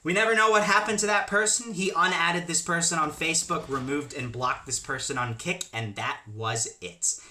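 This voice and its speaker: A man's voice: a little high, moderate pace, few pauses. A young man telling a storytime vlog in a chatty way, full of asides. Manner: animated, chatty, many asides. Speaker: YouTube storyteller. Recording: echoey room.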